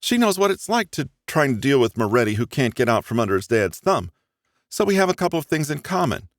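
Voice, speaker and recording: A male audiobook narrator voicing a bright, cheerful young woman who talks in a breezy, quick, upbeat way. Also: mid-range voice, big pitch swings, no echo, studio quality, pitched above the performer's own voice, close to an everyday voice.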